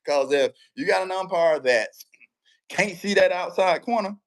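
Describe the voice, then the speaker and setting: Animated man telling umpire stories. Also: sits high, moderate pace. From Central Texas. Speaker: umpire, interview guest. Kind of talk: casual interview chat.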